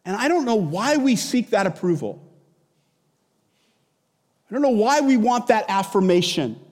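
A middle-aged man preaching a sermon as pastor, telling stories in a conversational, animated way. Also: sits high, unhurried, long reverb tail.

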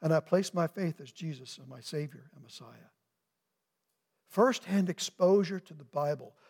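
An older man preaching a sermon as pastor, earnest, slowing down on key points and asking the congregation questions. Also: on the high side, darkish tone, breathy edge. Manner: earnest, asks rhetorical questions, slows for emphasis. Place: church sanctuary with long reverb. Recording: echoey church hall.

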